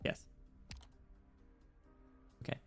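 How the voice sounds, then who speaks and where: A man's voice: very slow, a bit bright, soft background music. A man streaming a game, reacting in a chatty, giggly way. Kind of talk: casual game streaming chat.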